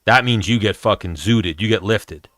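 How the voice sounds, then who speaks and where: A man's voice: lowish voice, moderate pace, a bit bright, dry recording, clean studio sound. Blunt, profane New man. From New York, USA. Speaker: MMA show host answering chat. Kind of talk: casual live-stream chat.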